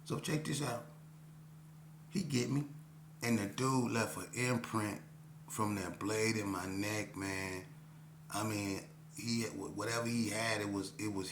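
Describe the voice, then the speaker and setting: A man telling a personal story in a casual, slangy way, often saying "you know what I'm saying". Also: fairly low pitch. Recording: roomy echo, faint hum.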